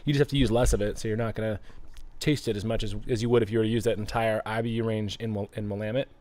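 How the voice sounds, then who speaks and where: A man's voice: fairly low pitch, steady tone, racing, a little mellow. A man co-hosting a casual brewery chat, easygoing and knowledgeable, talking it through with fillers. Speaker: brewery podcast co-host.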